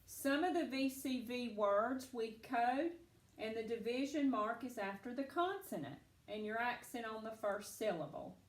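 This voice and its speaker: A woman's voice: on the high side, expressive, measured pace, echoey room. A woman teacher giving a phonics lesson to children, patient and encouraging as she walks them through each step.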